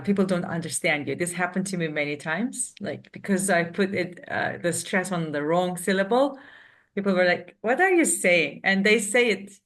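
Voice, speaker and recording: Female podcast co-host, lowish voice, inquisitive and chatty. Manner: curious, asks questions, uses "like" often. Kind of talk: casual educational chat.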